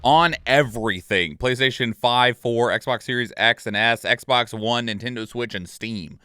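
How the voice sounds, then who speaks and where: A man casually reacting to a game trailer, excitable and rambling with lots of fillers. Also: mid-range voice, unhurried, few pauses, smooth, no room sound, clean studio sound.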